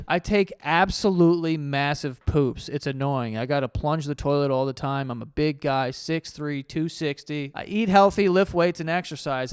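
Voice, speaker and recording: A man's voice: fairly high pitch, clean tone, dry recording, studio quality. A male host reading internet confessions aloud and riffing on them with profane, sarcastic, incredulous asides.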